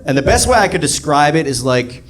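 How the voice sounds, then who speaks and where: A man's voice: fairly high pitch, big pitch swings, fairly quick. A man doing a sardonic stand-up routine on a club stage. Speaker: stand-up comedian. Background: audience laughter.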